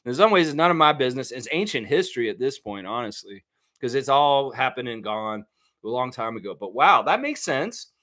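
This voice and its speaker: Male host, casual live-stream banter, quick laughs, easygoing. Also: mid-range voice, very animated, sharp tone. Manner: chatty, laughs often, sings snippets, many fillers. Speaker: sports livestream host. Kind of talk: casual live chat reading viewer comments.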